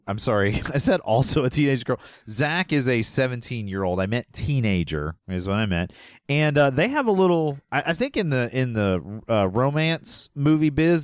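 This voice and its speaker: A man's voice: medium pitch, very animated, moderate pace, no echo. A man co-hosts a casual comedy podcast, rambling through a plot recap with jokes and fillers. His voice moves up and down a lot. The sound is close and dry, with no room around it. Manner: joking, rambling with many fillers. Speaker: podcast co-host.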